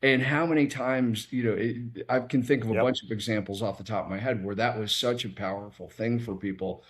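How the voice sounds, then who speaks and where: A man's voice: fairly low pitch, steady tone, fairly quick. A man hosting an interview, responding thoughtfully and adding his own example. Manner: reflective, builds on the guest's stories with his own example. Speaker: interview host. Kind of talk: casual interview.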